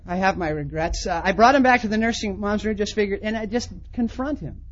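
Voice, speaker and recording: A man who is a pastor, telling a story in a sermon to a conference with animated delivery, swinging between quiet and loud. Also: high-pitched, brisk, dull audio. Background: audience laughter.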